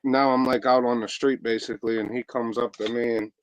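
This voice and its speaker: A man's voice: medium pitch, little pitch movement, brisk, a little hiss or hum, rough recording. A man from Pennsylvania, co-hosting a casual chat and telling a story in a brash, profane, laid-back way. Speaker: podcast co-host.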